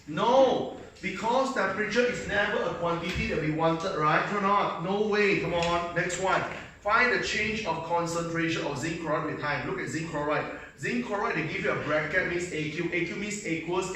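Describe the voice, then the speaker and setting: A man with a Malaysian English accent, pitched a little high with a bright, forceful tone, lecturing a class and checking in with his students again and again. His voice echoes heavily around the room because the mic sits far from him, with faint noise underneath. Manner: drilling students with constant check-in questions. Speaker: chemistry teacher. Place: school classroom.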